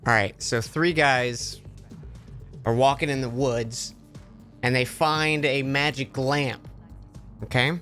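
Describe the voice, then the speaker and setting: A man's voice: mid-range voice, steady tone, takes it slowly, long pauses, sharp tone. Guy streaming a game, rambling thru a joke, keeps restarting words, faint music behind. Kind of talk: casual live-stream chat while gaming.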